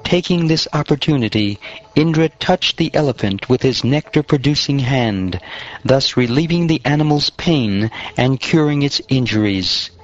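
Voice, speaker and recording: Man narrating scripture, dull recording. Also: mid-range voice. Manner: measured, solemn reading. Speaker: audiobook narrator. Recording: dull lo-fi audio.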